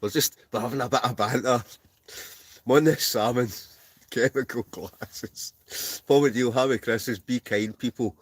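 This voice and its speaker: A man's voice: mid-range voice, measured pace, breathy edge, dry recording. A Scottish man hosting a casual live stream from a heated camping tent, bantering and laughing as he reads out viewer messages. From Scotland.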